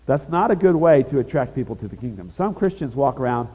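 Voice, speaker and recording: A man's voice: mid-range voice, big pitch swings, fast, slightly rough. A man preaching a sermon in a conversational, emphatic way, with casual asides to his listeners. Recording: dull lo-fi sound with long reverb.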